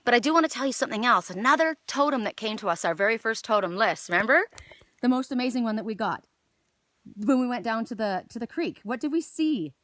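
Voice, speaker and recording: A middle-aged woman giving a casual spiritual card reading outdoors, chatty and excitable, with lots of fillers. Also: a little high, fast talker, no echo. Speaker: oracle card reader. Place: outdoors in the evening.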